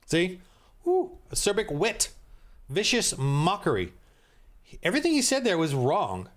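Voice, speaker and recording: A man's voice: sits high, wildly swooping pitch, a little slow. A middle-aged man giving heated, rambling reaction commentary as a Christian commentator, often restarting his sentences.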